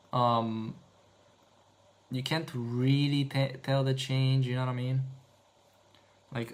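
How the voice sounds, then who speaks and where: A young man chatting casually to his viewers while editing video, excitable and swearing as he works. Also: mid-range voice. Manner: excitable, swears, talks to chat. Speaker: video editor streamer.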